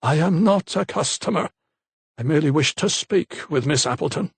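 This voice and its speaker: A man's voice: fairly high pitch, animated, normal speed, creaky, breathy edge, no room sound, pitched above the performer's own voice, exaggerated voice. A man playing a prim indignant notary. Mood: stiff. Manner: indignant, stiffly formal. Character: prim, supercilious little male notary.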